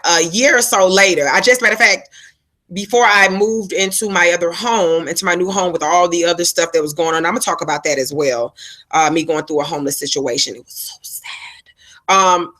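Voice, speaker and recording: A middle-aged woman telling a storytime to camera, sassy and animated, laughing and acting out other people's lines in raised voices. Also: fairly low pitch, fairly quick. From Georgia, USA. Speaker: vlogger.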